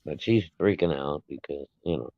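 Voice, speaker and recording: Man, very low voice, relaxed podcast co-host, dry tinny phone-line audio. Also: moderate pace, dry recording. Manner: laid-back, chuckling storyteller. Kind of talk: casual chat.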